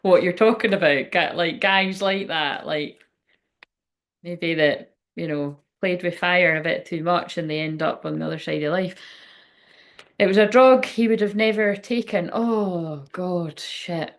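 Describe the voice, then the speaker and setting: A woman's voice: lowish voice, unhurried. A woman hosting a psychic livestream from home, chatting loosely and emotionally, swearing often and trailing off mid-sentence. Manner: rambling, emotional, swears freely, frequent laughs. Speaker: psychic medium livestream host. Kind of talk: casual livestream chat.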